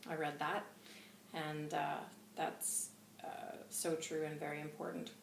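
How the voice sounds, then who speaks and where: A woman hosting a channelling show chats casually about spiritual readings, rambling and self-deprecating as she chews gum, her throat dry and sore. Her low, creaky voice is flat and measured. She's in a room at home by a window, picked up by a distant mic in a roomy space with faint noise.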